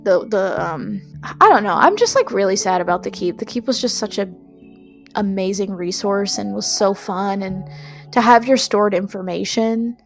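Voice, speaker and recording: A woman's voice: medium pitch, lively intonation, normal speed, faint music behind. A woman reviewing a video game in a casual, rambling way, full of fillers and restarts.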